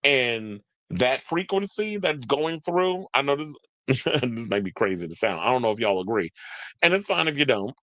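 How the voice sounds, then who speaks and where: Man, casual entertainment commentary, rambling asides, average pitch, dry sound. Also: sing-song, normal speed, bright, forceful tone, dry recording. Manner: chatty, opinionated, rambling asides. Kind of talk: casual celebrity news commentary.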